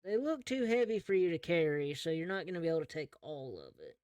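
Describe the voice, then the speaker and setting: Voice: mid-range voice, very animated, quick pace, a little mellow, dry recording. A game master narrating a tabletop game in an easygoing, second-person storytelling way.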